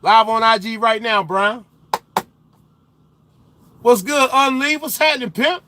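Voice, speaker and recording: A young male trucker hosting a casual livestream, chatting with viewers in loose slang and getting loud and animated as he teases the chat. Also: very high-pitched, a little slow, slight background noise. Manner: loose slang-heavy banter, gets loud and animated when teasing chatters.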